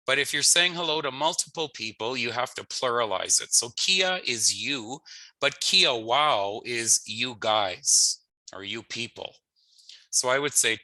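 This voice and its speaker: Bright-voiced man teaching patiently. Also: mid-range voice, lively intonation, no echo, rough recording. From Canada. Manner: patient, repeats phrases slowly for learners; friendly, jokey asides. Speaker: language teacher. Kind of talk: online language lesson.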